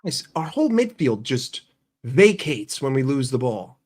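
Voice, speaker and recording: Young male streamer, mid-pitch, swears constantly, argues with his chat. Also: sing-song, moderate pace, breathy edge. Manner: profane, heated and argumentative; questions the chat directly. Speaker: football streamer. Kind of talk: livestream football rant.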